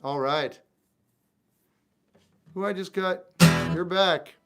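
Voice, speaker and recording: High-voiced man chatting over guitar. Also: takes it slowly. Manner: wry, talks back to chat, exasperated asides. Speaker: livestream musician. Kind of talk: casual livestream chat reading viewer comments. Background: acoustic guitar playing.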